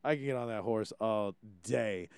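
A man's voice: on the low side, normal speed, darkish tone, clear, resonant tone, no room sound, studio quality. A man from Hawaii hosting a podcast, ranting casually and swearing freely as he acts out quotes. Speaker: podcast host. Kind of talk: casual opinion chat.

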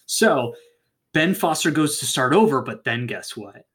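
Brief: lively casual storyteller pitching a script, jumps into voices, corrects self. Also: a little slow, slightly rough. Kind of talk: casual comic retelling.

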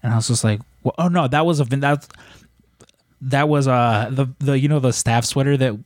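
A man's voice: medium pitch, fairly quick, a little mellow, no echo, clean studio sound. A man casually telling rambling stories in a podcast chat, with plenty of swearing. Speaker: podcast co-host.

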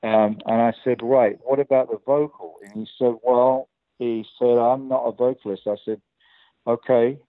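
A man's voice: medium pitch, normal speed, no echo, narrow, tinny audio. Older English man spinning studio stories. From England. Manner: lively storyteller who acts out quoted dialogue with many restarts. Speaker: guest, record producer and guitarist. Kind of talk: telling anecdotes in a conversation.

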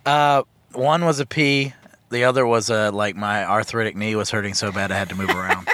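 A man co-hosting a casual comedy podcast, joking in a dry, crude, deadpan way. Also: on the low side, a little fast, no echo. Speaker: podcast co-host.

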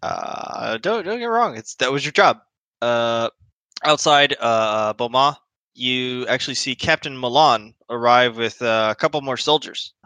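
A man narrating a tabletop horror game as game master, halting often with fillers as he describes scenes. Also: mid-range voice, pushed and bright, no room sound. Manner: hesitant, halting with many fillers.

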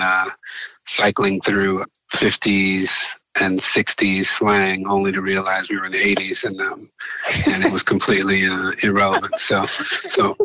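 A man in his forties, originally from Nigeria and now, guesting on a radio interview and talking in a halting way with many restarts. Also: sits low, pushed and bright, no echo, poor audio. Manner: halting, many restarts, laughs while telling stories. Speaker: filmmaker guest.

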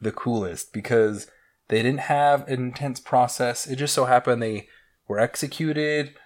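A man's voice: medium pitch, unhurried. A young man from Utah co-hosting a casual podcast, joking and crude, often laughing as he talks. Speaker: podcast co-host.

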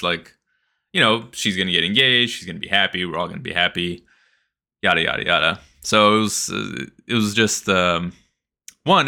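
A man's voice: fairly low pitch, sharp tone. A man co-hosting a podcast, telling a rambling story in casual chat with lots of fillers. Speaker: podcast co-host.

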